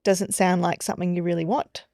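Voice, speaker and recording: A woman's voice: on the low side, level tone, fairly quick, vocal fry, darkish tone, dry recording, clean studio sound. A woman co-hosting a podcast in casual chat, offering supportive remarks and asking curious follow-up questions. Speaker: podcast co-host.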